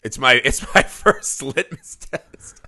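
A man's voice: mid-range voice, lively intonation, takes it slowly, sharp tone. A man co-hosting a podcast, telling stories about movies with frequent laughter and some swearing. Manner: laughing often, storytelling, profane. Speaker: podcast co-host. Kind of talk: casual film discussion.

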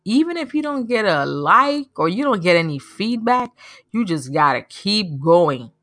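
A woman's voice: medium pitch, sing-song, measured pace, a bit bright, no room sound, clean studio sound. A woman hosting a podcast, giving an earnest, preachy motivational talk and telling stories with animation. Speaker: podcast host. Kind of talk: motivational monologue.

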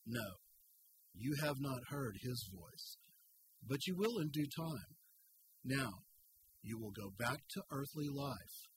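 A man voicing a booming, calm heavenly spirit that speaks in solemn, measured, reassuring tones, with loud guitar music underneath. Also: creaky, slight background noise, poor audio.

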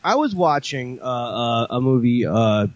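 A man's voice: mid-range voice, animated, unhurried, dry recording, lo-fi sound. Man, casual podcast chat, rambling with lots of fillers, dry close sound. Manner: rambling storyteller, many fillers and restarts. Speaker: podcast co-host.

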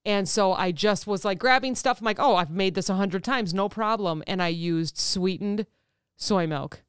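Woman podcast co-host, smooth mid voice, lively and rambling. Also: medium pitch, moderate pace, no room sound, studio quality. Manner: animated storytelling, rambling. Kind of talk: casual chat.

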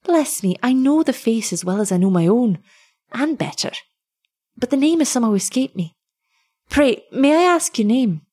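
Woman reading as a brash young gentleman in an old storybook tale, eager and exclamatory, with a husky voice. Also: a little high, animated, normal speed, pitched above the performer's own voice. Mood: astonished. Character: brash young male laird, wooing then astonished.

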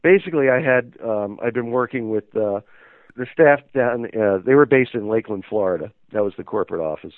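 A man's voice: medium pitch, lively intonation, fairly quick, no echo. A man telling a story as an interview guest, rambling and hesitant with many fillers. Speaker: interview guest, magazine owner. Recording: tinny phone line.

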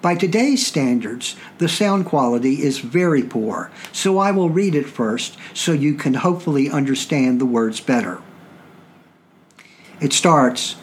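A man from Virginia with a Southern accent, hosting a podcast and explaining things in a measured, deliberate way. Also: medium pitch, expressive, a little hiss or hum. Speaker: podcast host.

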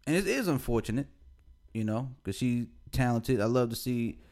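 A man's voice: medium pitch, expressive, moderate pace, a little mellow. A man co-hosting a podcast in casual chat, laid-back, repeating phrases and laughing often. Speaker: podcast co-host.

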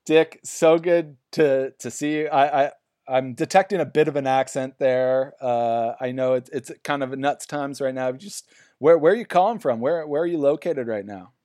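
A man's voice: medium pitch, a little slow, darkish tone, no room sound, studio quality. A man hosting a parody business podcast, rambling and hyped with lots of fillers. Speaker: host.

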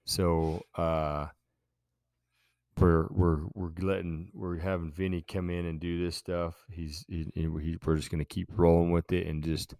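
A man co-hosting a podcast in loose, halting casual chat with many restarts. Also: low voice, flat delivery, a little mellow, dry recording, clean studio sound. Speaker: podcast co-host.

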